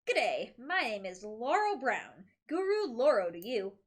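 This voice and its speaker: A woman's voice: on the high side, big pitch swings, measured pace. A woman reading aloud as an eccentric, cheerful female food-guru teacher in a storybook, teasing her students. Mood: playful.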